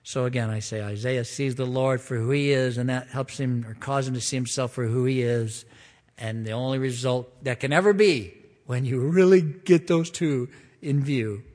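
A man preaching a sermon, leading a prayer and reading scripture in an earnest, emphatic way, slowing down to stress key phrases. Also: mid-range voice, a little mellow, long reverb tail. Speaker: pastor.

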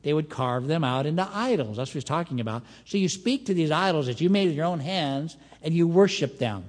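A man's voice: a little high, animated, fairly quick. A man preaching an expository Bible sermon, explaining scripture conversationally with emphatic rises. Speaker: pastor. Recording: long hall reverb.

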